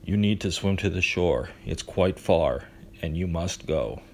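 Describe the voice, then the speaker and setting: A man doing a giant, monotone monster. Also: sits low, a little hiss or hum. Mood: stern monotone. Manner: monotone, slow and quiet. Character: giant monstrous male protector, stern and emotionless.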